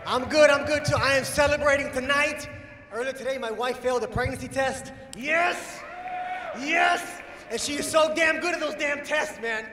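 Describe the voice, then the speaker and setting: A man doing a stand-up set in a punchy style that bursts into shouts on the big lines. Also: very high voice, fairly quick, some chatter behind, slight background noise. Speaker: stand-up comedian. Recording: echoey hall from far off.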